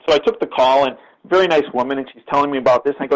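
A man's voice: medium pitch, racing, low-quality recording. An older man speaking as an interview guest, emphatic and given to repeating words as he starts his sentences. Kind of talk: conversational interview storytelling.

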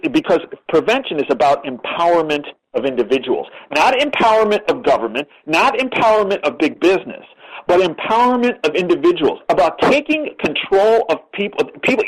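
Older male interview guest, emphatic storyteller, slightly higher voice, radio sound. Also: poor audio. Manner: emphatic, repeats words when starting sentences.

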